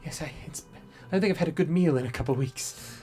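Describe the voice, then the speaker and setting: A woman's voice: deep voice, fast, lightly acted. A man voicing a weary, easygoing female prison guard in a tabletop role-play. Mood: tired, obliging.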